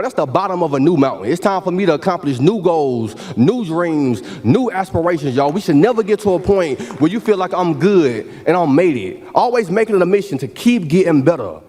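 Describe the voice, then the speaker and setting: At a university ceremony in a large hall, a man gives a motivational keynote speech in a preacherly call-and-response style, often repeating "y'all." His voice is high-pitched with a darkish tone.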